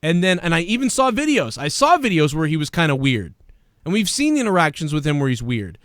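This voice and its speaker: A man hosting a podcast, ranting in a profane, animated way and mimicking people as he talks. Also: on the high side, fairly quick, no room sound, studio quality. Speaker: podcast host.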